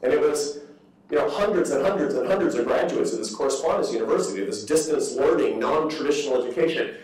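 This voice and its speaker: A man in his fifties giving a public lecture, telling stories with lively asides and mock voices. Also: a little high, fast talker. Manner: animated storytelling with asides. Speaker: guest speaker. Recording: echoey hall from far off.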